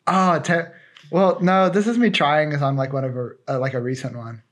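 A man's voice: fairly high pitch, steady tone, normal speed, fairly bright tone. A man co-hosting a podcast in casual chat, joking and rambling with lots of fillers. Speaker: podcast co-host.

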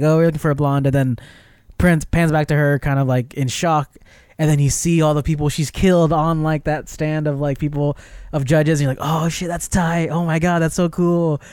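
Fairly high and smooth, the man's voice comes through clean studio audio without room echo. As a podcast co-host, he rambles animatedly through a film's scenes in order, leaning on plenty of fillers during this laid-back review.

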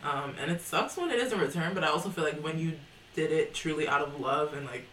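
A woman's voice: low voice, fast, a bit bright, far from the mic. A woman co-hosting a podcast in casual chat, laid-back and easygoing. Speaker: podcast co-host. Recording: roomy, from the mic, faint hiss.

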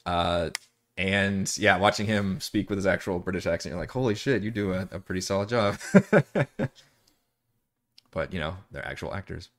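Low-voiced man chatting casually. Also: moderate pace, long pauses. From Texas, USA. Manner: rambling, restarts often, swears casually. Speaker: dungeon master streaming campaign prep. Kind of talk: casual live-stream chat, reading chat.

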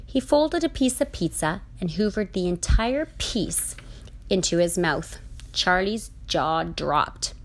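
Woman reading a comic story aloud, deadpan, low-pitched and unhurried. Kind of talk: comic short-story narration.

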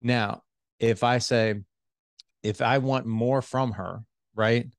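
A man's voice: mid-range voice, slow, clear, resonant tone, dry recording. A middle-aged man, a relationship coach on a podcast, animatedly explaining communication skills and acting out voices. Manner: animated, acts out voices of his wife and himself. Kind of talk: podcast interview, advice.

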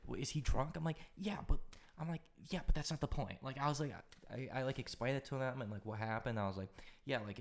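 A young man in casual conversation, racing through an animated, profanity-laced story packed with "like" fillers. His voice sits somewhat low and the words tumble out fast. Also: vocal fry.

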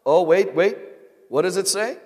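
In a large church sanctuary, captured with long hall reverb, a pastor preaches at normal speed in a high-pitched, expressive voice with a darkish tone. His call-and-response style has him repeatedly putting rhetorical questions to the congregation to answer.

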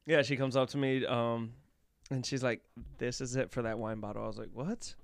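A man's voice: mid-range voice, fairly even intonation, a little fast, vocal fry, smooth, no room sound. Guy on a podcast telling a long story, keeps laughing, swears a lot, dry studio mic. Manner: rambling, laughs often, swears. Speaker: podcast host. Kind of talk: casual storytelling chat.

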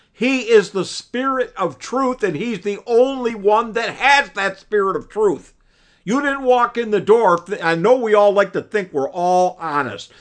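A man's voice: high voice, a bit bright. A man teaching a Bible class over a video call, preaching in an earnest, emphatic way and often recounting what his old teacher told him. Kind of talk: preaching lecture.

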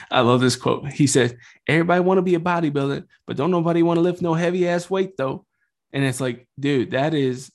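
A man's voice: mid-range voice, gravelly. A man in his thirties speaking in an ordinary mid-range voice as he hosts a faith podcast. His talk is earnest and loose, full of restarts and asides. Now and then he lets a mild curse slip. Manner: earnest, rambling, swears lightly. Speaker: Catholic podcast host.

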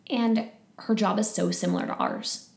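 A woman chatting casually and telling a story with lively energy, laughing often. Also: medium pitch, normal speed, creaky, reverberant. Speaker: podcast guest sharing a conference experience. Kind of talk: casual chat.

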